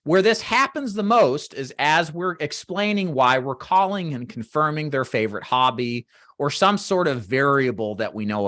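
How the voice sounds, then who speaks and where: A man teaching final expense phone sales, walking trainees through a phone script and acting out sample call lines in a brisk sales voice, with frequent "right?" check-ins. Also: mid-range voice, a bit bright, dry recording, clean studio sound. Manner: talks straight to trainees, checks in with "right?" and "does that make sense?". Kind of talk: instructional walkthrough of a phone script.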